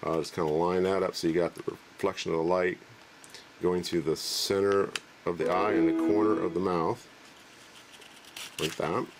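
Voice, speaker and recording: A man casually demonstrating a magic trick in a relaxed, rambling, joking way. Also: low voice, normal speed, long pauses.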